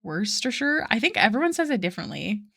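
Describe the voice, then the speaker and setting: A woman on a home live stream, chatting easily with her viewers and laughing often. Her voice sits at a middling pitch, and she answers the chat as it comes in. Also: lively intonation, moderate pace, a bit bright. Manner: chatty, giggly, reads chat aloud. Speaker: art streamer.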